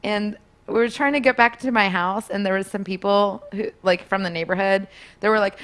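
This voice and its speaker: A young woman tells a story in casual chat, animated and laughing often, and she acts out quotes in a higher voice. Her pace is brisk.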